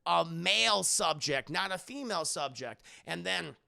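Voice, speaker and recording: Male streamer, casual profane film recap, bright edgy tone, talks to chat. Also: high-pitched, lively intonation, unhurried, vocal fry. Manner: profane, rambling, keeps addressing chat.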